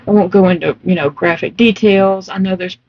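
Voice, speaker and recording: A woman's voice: medium pitch, fairly even intonation, a little fast, muffled recording. A woman chatting casually while crocheting, telling her story emphatically and laughing often. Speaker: vlogger.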